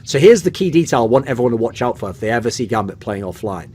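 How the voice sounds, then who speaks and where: A man giving blunt, animated opinions on a podcast, swearing freely and punctuating points with "okay?". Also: mid-range voice, quick pace, breathy edge. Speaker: esports podcast host.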